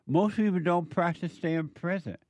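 A man's voice: sits high, moderate pace, a little mellow, dry recording. A male counselor delivering a preachy monologue, firing off emphatic rhetorical questions in a scolding tone.

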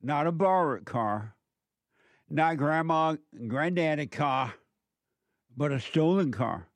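A man's voice: fairly high pitch, lively intonation, takes it slowly, no echo. A man giving a preachy, sarcastic commentary on a news clip, mocking and repeating his phrases for emphasis.

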